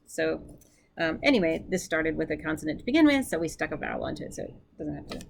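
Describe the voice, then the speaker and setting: Low gravelly woman drilling vocabulary. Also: expressive, quick pace, a little hiss or hum. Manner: chatty, self-correcting, repeats each word for the learner. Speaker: Greek vocabulary teacher. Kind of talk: drill-style vocabulary lesson.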